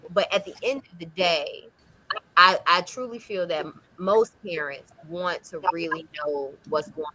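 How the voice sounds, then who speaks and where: A woman's voice: lowish voice, a little slow, pushed and bright, low-quality recording. A young woman hosting a casual discussion, speaking in an earnest, conversational way as a parent. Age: young adult.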